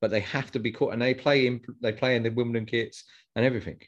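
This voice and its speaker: A man's voice: mid-range voice, steady tone, fast talker, dull audio. A man hosting a casual football podcast, chatty and rambling, often repeating himself. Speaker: podcast host. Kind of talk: casual chat.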